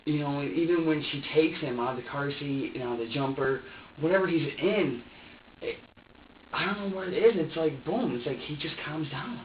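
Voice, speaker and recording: A man's voice: on the high side, normal speed, a little hiss or hum. A young man in a police interrogation room, heavy with swearing as he re-enacts heated arguments, caught on a distant security camera mic. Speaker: interrogation subject. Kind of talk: agitated personal account. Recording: echoey, distant, dull security recording.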